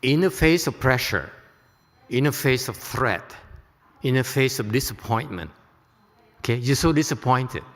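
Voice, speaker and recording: A man's voice: mid-range voice, animated, measured pace, pauses often, in a large hall. A man teaching at a temple, giving a Buddhist lecture to an audience, joking and checking they follow. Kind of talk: dharma lecture.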